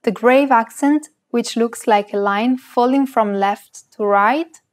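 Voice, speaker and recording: A woman's voice: fairly high pitch, takes it slowly. Woman co-host carefully pronouncing example words. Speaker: co-host and native speaker. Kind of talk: scripted lesson narration with example words.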